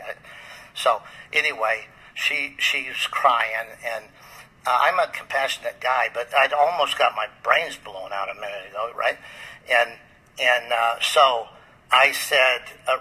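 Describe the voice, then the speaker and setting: A man who is a pastor, telling a first-person story with intensity, quoting dialogue back and forth and sometimes dropping to a hushed voice. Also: medium pitch, fairly even intonation, unhurried, slightly rough, poor audio.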